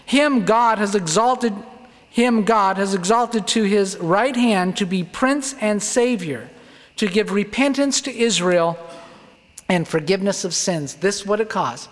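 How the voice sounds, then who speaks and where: Earnest high-voiced male preacher. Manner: earnest, emphatic, slows down to stress words. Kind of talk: sermon-style Bible teaching. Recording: long hall reverb.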